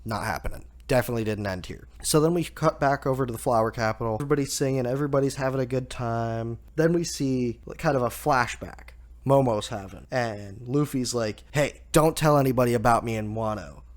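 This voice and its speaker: A man hosting a casual chapter review, relaxed, laughing often and saying "like" a lot. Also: mid-range voice, brisk, few pauses. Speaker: manga review host.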